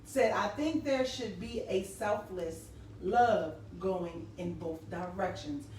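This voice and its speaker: A woman's voice: mid-range voice, slow, a little mellow. A woman hosting a casual live-stream talk show, telling stories animatedly and reading viewer comments aloud. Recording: echoey room, distant mic, faint noise.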